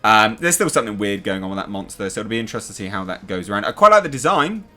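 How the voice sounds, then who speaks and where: A man's voice: fairly low pitch, racing, sharp tone, faint music behind. An English man hosting a TV review channel, talking casually and animatedly, swearing now and then and making sound effects. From England.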